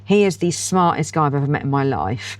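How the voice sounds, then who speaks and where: A woman's voice: low voice, expressive, brisk. A woman in her forties, co-hosting a podcast in casual chat and telling stories with acted-out dialogue. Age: 40s. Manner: chatty storyteller who acts out quoted dialogue. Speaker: podcast co-host.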